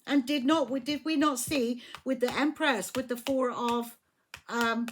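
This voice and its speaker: A woman giving a casual tarot reading from her flat at home, chatty and emphatic, swearing freely as she talks. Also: high-pitched, measured pace, a little hiss or hum. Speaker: tarot reader.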